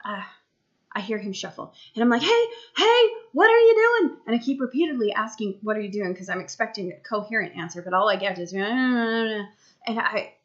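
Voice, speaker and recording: A woman's voice: medium pitch, fairly quick, a bit bright, highs cut off. A woman in her thirties, a mom, telling a story to camera in a chatty, rambling way full of asides, recorded at home. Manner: chatty and rambling, lots of fillers and asides to the listener. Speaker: mom vlogger.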